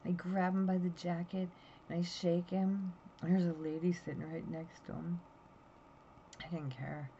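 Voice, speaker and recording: Speaking at a measured pace in a fairly low, dark voice with little pitch movement, a woman vlogger in her fifties anxiously rambles through a story to her phone camera. She sounds tired and yawns, and the audio is dull, lo-fi, and faintly noisy.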